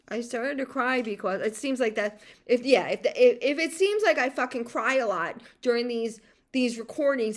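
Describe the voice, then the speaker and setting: A woman's voice: a little high, expressive, moderate pace. Heated, swearing middle-aged woman venting. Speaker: podcast host and caregiver. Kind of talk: emotional personal monologue.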